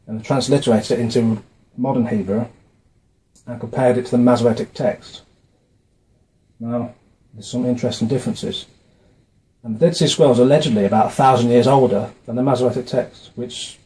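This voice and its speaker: Man, mid-pitched, dark mellow tone, casual talk from notes, halting with ums. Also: low-quality recording. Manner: hesitant, with frequent fillers and restarts. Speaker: video maker explaining a religious topic. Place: indoors, dim room. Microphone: camera mic, facing camera.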